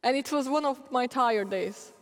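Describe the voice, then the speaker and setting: A middle-aged woman preacher telling animated, laughing stories in a sermon. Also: high-pitched, normal speed. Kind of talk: storytelling sermon. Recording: long hall reverb.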